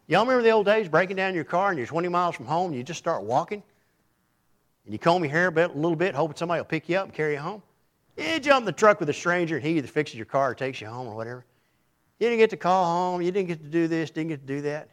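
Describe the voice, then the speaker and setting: A man preaching a sermon in a folksy, teasing way, swinging between loud and hushed delivery. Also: a little high, expressive, fast talker. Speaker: pastor.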